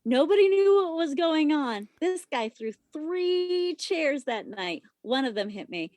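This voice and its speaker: A young adult woman, a podcast guest, telling a story casually in an animated, profane way, loud when she quotes herself. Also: sits high, unhurried, no room sound. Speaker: podcast guest, former stripper.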